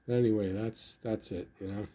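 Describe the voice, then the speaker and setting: A man's voice: lowish voice, steady tone, brisk, dark tone. An older man casually talking about his model building, rambling and filling his speech with "you know.". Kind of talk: casual hobby video talk.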